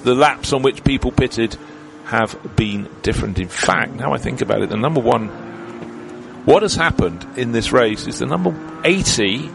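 A man's voice: medium pitch, vocal fry. A man giving live motorsport commentary, chatty and explanatory as he breaks down the race. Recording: commentary with loud car noise behind.

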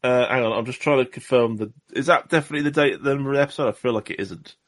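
A man's voice: medium pitch, very fast, no room sound. A man from Southwest England, hosting a casual podcast chat in a rambling, jokey, self-deprecating way. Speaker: podcast host.

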